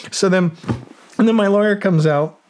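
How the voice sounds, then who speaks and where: A man's voice: high voice, normal speed, darkish tone, a little hiss or hum. Rambling, foul-mouthed Canadian man. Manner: profane, rambling anecdotes full of fillers, acting out quoted voices. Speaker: guest, music producer and DJ. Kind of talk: casual storytelling in a podcast interview.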